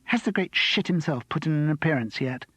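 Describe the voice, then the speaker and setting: A man's voice: fairly high pitch, animated, a little fast, a bit bright, husky, no echo, pitched above the performer's own voice. A man voicing a bitter young woman on a film crew, talking in scornful whispers.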